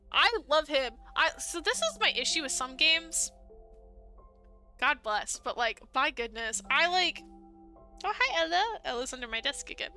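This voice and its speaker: Young woman, streamer, high voice, exasperated, fangirling, faint music behind. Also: sharp tone. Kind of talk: reading a dating sim aloud with reactions.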